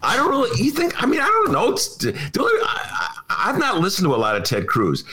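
A man's voice: high-pitched, huge pitch swings, brisk, bright, forceful tone. A man hosting a political podcast, chatting casually in a self-deprecating way and laughing often. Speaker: podcast host.

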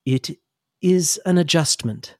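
A calm woman community leader, played by a man, speaking in a reassuring, unhurried way. The sound is dry and close. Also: on the high side, no room sound.

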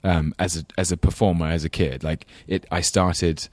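A man's voice: low voice, flat delivery, normal speed, darkish tone, dry recording. An English man with a London accent, chatting thoughtfully as an interview guest, self-deprecating with many restarts. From England. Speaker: guest, actor. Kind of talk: casual interview chat.

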